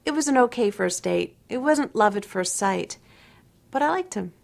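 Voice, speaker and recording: A woman speaking to camera, telling a dating anecdote in a chatty, lively way. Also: on the high side, normal speed, gravelly. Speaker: interviewee.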